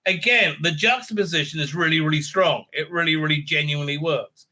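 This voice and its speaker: A middle-aged man recapping a TV episode in a rambling, casual monologue, full of filler sounds and restarts, dropping low then jumping up excitedly. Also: brisk. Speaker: TV show reviewer.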